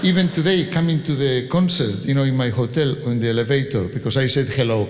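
A man's voice: medium pitch, quick pace, a little mellow. A man from Spain with a Spanish accent, a conductor chatting informally to a concert audience, laughing and restarting his sentences. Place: large concert hall. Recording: long hall reverb from a stage.

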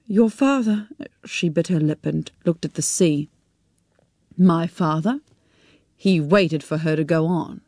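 A woman narrating a story in a measured, expressive storytelling manner. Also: low-pitched, dry recording, studio quality.

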